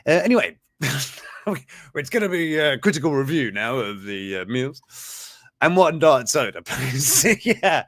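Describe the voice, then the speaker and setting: A man's voice: medium pitch, big pitch swings, measured pace, dry recording. Man, host, casual commentary, rambling, chuckling, dry close sound. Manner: rambling, chuckling, breaks off mid-sentence. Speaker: show host. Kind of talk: casual commentary reading out news items.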